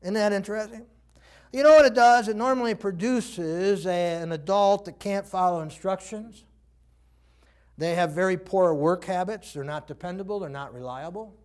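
An older man preaching a sermon in an animated way, acting out quoted voices and laughing often. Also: high voice, moderate pace. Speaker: pastor.

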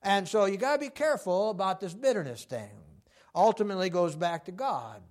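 High-pitched preacher guy, animated sermon, does little voices for the quotes, lots of uh's. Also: a little fast. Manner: animated, acts out quoted voices, many fillers.

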